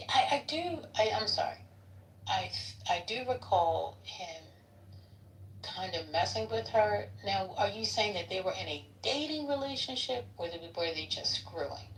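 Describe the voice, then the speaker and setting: A woman hosting a live audio chat, relaxed and chatty, sending well-wishes to listeners. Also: mid-range voice, measured pace, roomy sound, recorded from a distance, slight background noise, low-quality recording. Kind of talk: casual chat.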